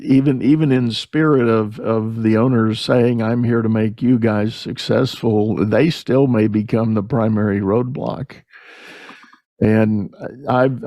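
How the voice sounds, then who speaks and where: A man's voice: lowish voice, dark tone, no room sound. A man hosting a leadership podcast interview, telling a story and acting out the quoted voices. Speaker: podcast host. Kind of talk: conversational interview.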